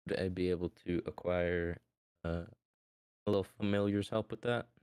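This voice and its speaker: A man plays a tabletop game in a laid-back, slangy way. His voice is extremely low. He sounds close to the mic, with no room around him. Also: steady tone, moderate pace, darkish tone, clear, resonant tone, no echo. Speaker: player.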